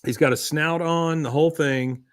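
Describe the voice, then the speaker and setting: A man's voice: on the high side, fairly even intonation, moderate pace, smooth, no room sound, studio quality. A man hosting a podcast, recapping a cartoon episode in a wry, chatty way. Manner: wry, chatty storytelling with fillers. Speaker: podcast host.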